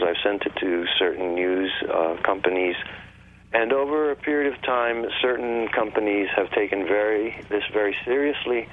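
A man talking on a radio show, explaining at length in an insistent way over a phone line. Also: sits low. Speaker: guest. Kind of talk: radio call-in talk.

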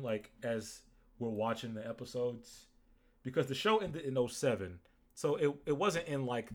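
A man co-hosting a podcast in casual chat, rambling and joking with lots of fillers. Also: medium pitch. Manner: rambling, jokey, with many fillers. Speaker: podcast co-host. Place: lives in Dallas.

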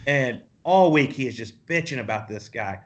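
A man's voice: medium pitch, normal speed. Golfer guy on a podcast telling wild stories, swears a bunch, cracks himself up. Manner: animated, profane anecdotes, laughs often. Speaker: guest pro golfer. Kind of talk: casual storytelling.

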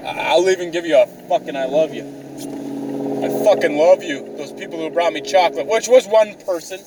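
A young man with a highish voice talks fairly fast while vlogging outdoors on the move, recorded from a distance over a noisy background. His comic story rambles, drips with sarcasm and is full of constant swearing, making it a profane comedic rant.

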